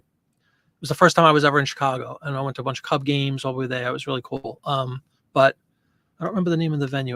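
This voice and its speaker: A man's voice: mid-range voice, fairly bright tone. A man hosting a live stream, chatting casually and answering viewer comments.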